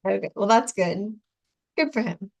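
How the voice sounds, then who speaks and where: An American woman in her forties hosts a casual video call, telling stories, laughing often and acting out dialogue. Her medium-pitched voice is animated and a little mellow, with vocal fry, at a normal speed.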